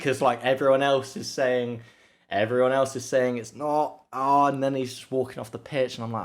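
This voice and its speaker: A young man co-hosting a casual podcast chat, rambling, swearing freely and acting out quotes with sudden jumps in pitch. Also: steady tone, brisk. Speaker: podcast co-host.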